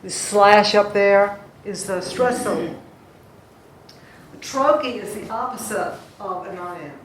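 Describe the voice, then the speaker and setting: Slow-spoken woman teaching a class. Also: mid-range voice, slight background noise. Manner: chatty, draws out words to demonstrate stress. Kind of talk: classroom lecture on poetry. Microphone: distant recorder. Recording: echoey room from far off.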